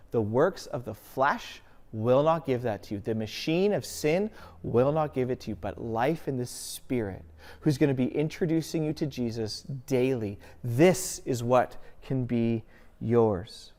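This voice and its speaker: A man preaching a sermon as a pastor, earnest and emphatic, asking rhetorical questions and swinging between loud stress and quiet, soft passages. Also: medium pitch, unhurried. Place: church sanctuary.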